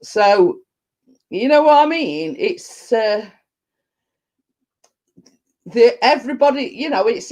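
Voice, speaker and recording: A middle-aged woman, chatting casually to viewers and rambling along, often repeating herself and laughing. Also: medium pitch. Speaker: vlogger reading viewer comments. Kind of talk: casual live chat.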